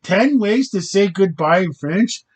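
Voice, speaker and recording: A man with a high-pitched voice talks slowly in a loose, rambling way, as a host addressing his channel. He keeps restarting sentences and trips over unfamiliar foreign words. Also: animated, husky, poor audio. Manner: hesitant, self-interrupting, fumbling foreign words. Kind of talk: rambling casual monologue.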